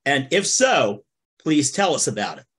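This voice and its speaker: A mid-range male voice, a bit bright with a breathy edge, rises and falls in a sing-song way at a measured pace. Hosting a comedy podcast, he tells a funny story playfully and talks straight to the listeners as folks.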